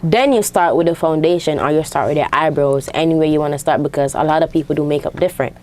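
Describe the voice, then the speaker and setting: A woman's voice: deep voice, fast talker, darkish tone, slight background noise. A teenage girl with a Jamaican accent, co-hosting a radio chat in a laid-back, giggly way. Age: teens. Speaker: co-host. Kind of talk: casual chat.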